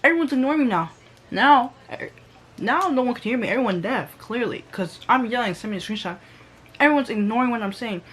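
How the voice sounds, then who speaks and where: A woman's voice: on the high side, a little fast, slightly rough. A young woman telling a storytime vlog in casual, slangy talk, acting out what others said. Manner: animated, slangy, reenacts quotes. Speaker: vlogger.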